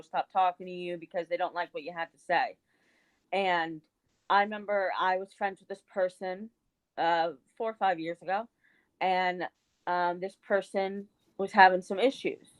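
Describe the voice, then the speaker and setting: A woman's voice: lowish voice, low-quality recording. A woman co-hosting a casual chat show, telling a long personal story with many fillers. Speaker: co-host.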